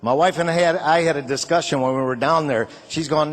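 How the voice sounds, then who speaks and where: A man's voice: on the high side, a little fast, hardly any pauses. A man in his sixties from Chicago, doing a folksy stand-up set and chatting with the crowd. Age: 60s. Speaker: comedian and singer.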